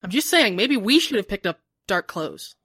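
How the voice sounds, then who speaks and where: A woman's voice: mid-range voice, very animated, moderate pace, fairly bright tone, slightly rough, no room sound, clean studio sound. A woman playing a tabletop game, chatting and joking with the table. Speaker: player. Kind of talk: casual chat at a tabletop game.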